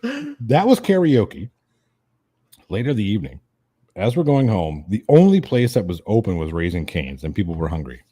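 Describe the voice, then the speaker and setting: Animated, laughing male storyteller. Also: on the low side, normal speed, pauses often, husky, no room sound, clean studio sound. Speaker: host. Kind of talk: casual storytelling chat.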